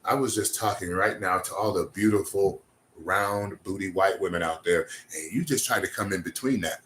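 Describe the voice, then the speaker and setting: A man's voice: sits low, moderate pace, a bit bright. A man doing rambling livestream banter, crude and trash-talking, answering his chat. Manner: sings off-key bursts of a ballad.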